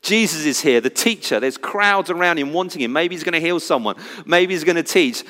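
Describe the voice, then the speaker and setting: A man preaching a sermon, swinging from loud cries to hushed, intense moments. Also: on the high side, animated, brisk, big-room sound.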